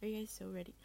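A young woman hosts her own podcast solo, chatting casually in a bubbly, rambling, self-deprecating way, recorded on an earphone mic. Her mid-range voice is bright and forceful, with some vocal fry.

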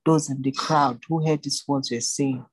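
Steady husky scripture reader. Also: medium pitch, moderate pace, no echo, rough recording.

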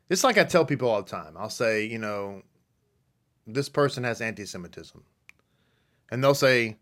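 A man teaching a religious lesson, reading passages slowly and then speaking emphatically, repeating words for stress and asking rhetorical questions. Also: on the low side, fairly bright tone. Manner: reads passages slowly, then speeds up in asides. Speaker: rabbi teaching a congregation. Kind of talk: sermon-style teaching.

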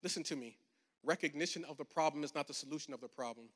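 A man's voice: fairly high pitch, quick pace, fairly bright tone. A man in his forties, a pastor preaching a storytelling sermon, chatty and funny, then rising into emphatic preaching in a large church. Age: 40s. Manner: conversational and humorous, building to emphatic preaching. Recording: long hall reverb.

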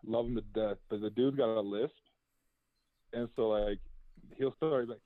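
A man's voice: on the low side, steady tone, unhurried, long pauses, no room sound. Brief: young male ex-athlete guest, easygoing and rambling, heard through a tinny call line. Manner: laid-back, chatty storytelling with many fillers. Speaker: former college basketball player, guest. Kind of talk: casual interview answers. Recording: tinny phone-like line, dry.

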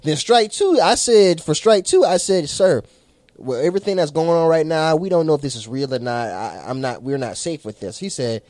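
Guy ranting, high voice, swears a lot, acts out the other people, dry close sound. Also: normal speed, no room sound. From South Carolina. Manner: animated, swearing, mimics people in his stories. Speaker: storyteller in a casual podcast chat. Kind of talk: casual chat.

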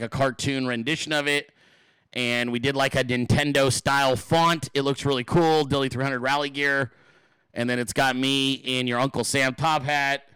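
A man's voice: medium pitch, fairly bright tone, clean tone, no echo, rough recording. A man hosting his own talk show, venting in an angry, profane, blunt monologue to his viewers. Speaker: show host.

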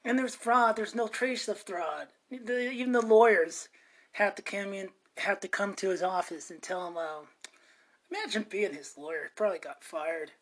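A woman talks through her opinions in a loose, rambling podcast monologue. She starts sentences over and trails off, and her pitch stays middling. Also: moderate pace. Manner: chatty, meandering, self-interrupting. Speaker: podcast host. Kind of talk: casual ranting monologue.

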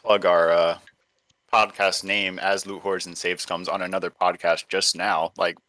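A man's voice: sits low, flat delivery, measured pace, pushed and bright, no echo. A man co-hosting a casual podcast over a voice call on a headset mic, making dry, teasing remarks. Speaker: podcast co-host. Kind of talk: casual chat.

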